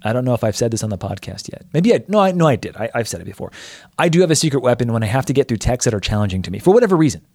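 A man co-hosting a podcast and talking casually through a Bible passage, thinking aloud and animated. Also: mid-range voice, very fast, no echo, studio quality. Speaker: podcast co-host, pastor.

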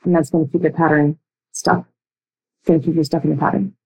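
Blunt, emphatic woman coach, low voice. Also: little pitch movement, gravelly, darkish tone, husky, poor audio. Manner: blunt, emphatic, speeds up and slows down a lot. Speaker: relationship coach. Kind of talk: direct-to-listener coaching talk.

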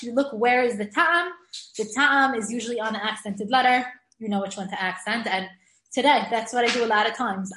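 A woman's voice: on the high side, fairly bright tone. Chatty woman teaching in an echoey room. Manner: chatty, laughs often, slows to spell out words. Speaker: Hebrew grammar teacher. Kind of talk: informal classroom lesson.

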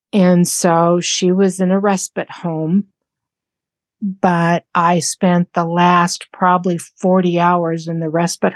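A woman in her sixties, an interview guest on a podcast, speaks softly, candidly, and reflectively, often repeating phrases as she thinks. Her voice is lowish, and the recording has no echo.

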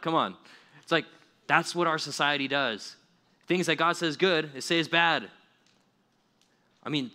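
Bright-voiced young man preaching. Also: medium pitch. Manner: animated, conversational preaching with asides. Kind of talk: sermon.

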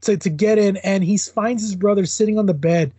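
Husky high-voiced man co-hosting a podcast. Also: a little fast, mellow, no room sound. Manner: jokey, laughs often, agreeable. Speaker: podcast co-host. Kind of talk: casual movie discussion.

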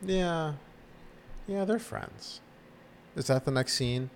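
A man's voice: on the high side, slow pace. Man animatedly retelling a scene. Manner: animated retelling, acting out lines. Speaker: podcast co-host recapping a show. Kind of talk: casual chat.

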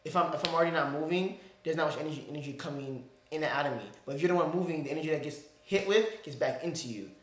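A man's voice: on the high side, racing, few pauses, reverberant. A man hosting a podcast, telling a rambling story in casual slang-heavy chat. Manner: animated, rambling, peppered with slang like "bro". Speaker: podcast host.

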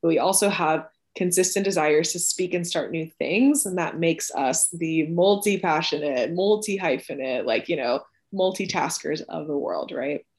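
A woman's voice: low voice, moderate pace. A young adult woman explaining a personal belief system in casual, chatty talk, often checking in with "right?" and filling her sentences with "like". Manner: chatty, frequent "like" and "right?", animated emphasis. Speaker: podcast guest explaining Human Design.

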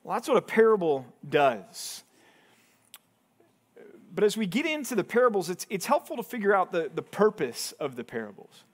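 A man's voice: high voice, very animated, moderate pace. A man, a pastor, leading a Bible study in a conversational teaching style, asking his listeners questions and acting out the lines he quotes. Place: church hall.

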